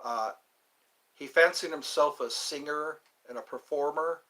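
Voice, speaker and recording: A middle-aged livestream host, he rambles on a live chat, joking, singing and doing mock voices and accents. His slightly slow voice is on the high side, pushed and bright.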